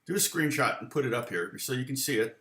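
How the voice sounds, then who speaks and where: A man's voice: mid-range voice, lively intonation, fast. A man teaching guitar in a loose, chatty live online lesson, counting and humming rhythms aloud as he goes. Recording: roomy sound with loud guitar and backing music.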